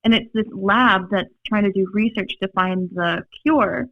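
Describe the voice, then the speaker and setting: A young woman with a Minnesota accent, a podcast guest telling stories in a rambling, animated way, full of fillers and laughs. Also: medium pitch, measured pace, no echo. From Minnesota, USA. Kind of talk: casual storytelling chat. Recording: dry, slightly dull podcast audio.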